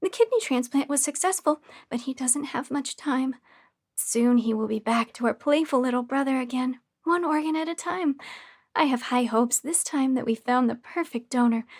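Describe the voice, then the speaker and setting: A woman's voice: high-pitched, normal speed. A woman voicing a sing-song creepy caretaker. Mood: sugary menace. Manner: sing-song, chirpy, over-sweet. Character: sweet, creepy female caretaker, falsely motherly. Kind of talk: audiobook horror reading.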